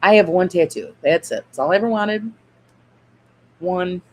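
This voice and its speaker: A woman with a lowish, somewhat dark voice hosts a casual miniature-crafting livestream, talking at a moderate pace. She rambles and answers viewer comments while she builds. The recording quality is low.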